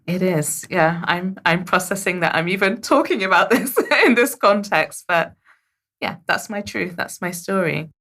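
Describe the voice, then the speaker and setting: A woman in her forties hosting a podcast, speaking softly and reflectively, with many "you know"s as she shares a personal story. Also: on the low side, expressive, a little slow. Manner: soft-spoken and reflective, with frequent fillers. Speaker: podcast host.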